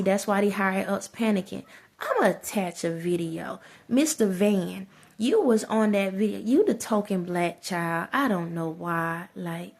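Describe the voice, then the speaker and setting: A woman talks casually to her viewers in a rambling vlog rant. She circles back on her own points and often breaks into laughter. Her voice sits at an ordinary middle pitch. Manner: rambling, repetitive ranting with frequent laughter; colloquial, addresses viewers as y'all. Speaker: vlogger.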